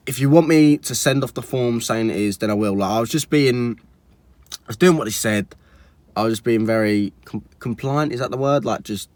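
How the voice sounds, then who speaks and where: Young guy, storytime vlogger, low-ish voice, chatty and exasperated, dry close sound. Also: no echo. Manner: chatty, exasperated, full of likes and restarts. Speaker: car vlogger. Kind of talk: casual storytime vlog.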